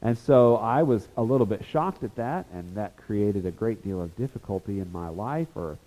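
A man teaching a Bible lesson as a sermon, animated and acting out the voices of people in the story. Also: lowish voice, normal speed. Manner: animated, acts out voices of the disciples and Jesus. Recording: reverberant hall.

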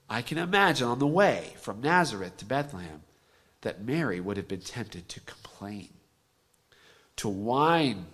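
A man preaching a sermon, dropping to a hushed near-whisper and then rising to loud, emphatic peaks. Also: mid-range voice, sing-song, measured pace.

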